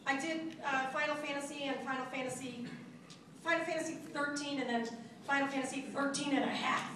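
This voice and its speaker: A woman's voice: high voice, fairly even intonation, brisk, a bit bright, distant mic, slight background noise. A woman voice actress answering fan questions at a convention panel, chatty and self-mocking, laughing often. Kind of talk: casual convention Q&A. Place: large convention hall. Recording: echoey hall from afar, crowd.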